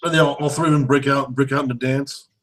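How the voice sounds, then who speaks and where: A man's voice: mid-range voice, level tone, quick pace, a bit bright, low-quality recording. A man co-hosting a casual movie review, amused and rambling, often restarting his sentences. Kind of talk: casual chat.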